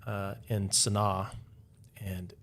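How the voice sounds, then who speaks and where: A man's voice: low voice, little pitch movement, slow pace, fairly bright tone. A man as a podcast guest, telling a story in a loose, casual way, with lots of "like" fillers.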